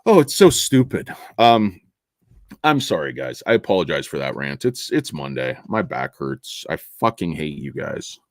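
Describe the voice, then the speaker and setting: Profane, ranting livestream host, very lively pitch. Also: male voice, moderate pace, no echo, clean studio sound. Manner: ranting, profane, swings from loud to mumbling. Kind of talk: casual livestream chat reading viewer comments.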